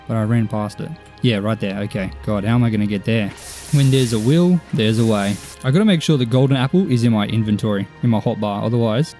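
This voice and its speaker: A young man with an Australian accent calls out his gameplay as he plays, excitable and full of exclamations. His voice is mellow, with an even middle pitch. Faint music plays under him. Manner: excitable, exclaiming and talking to viewers. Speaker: gaming YouTuber. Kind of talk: live gameplay commentary.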